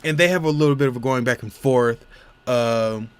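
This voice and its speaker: A man's voice: medium pitch, moderate pace, smooth. A man giving a casual, rambling recap of a comic chapter, full of fillers and restarts. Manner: rambling, many fillers like "you know what I'm saying". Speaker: manga reviewer.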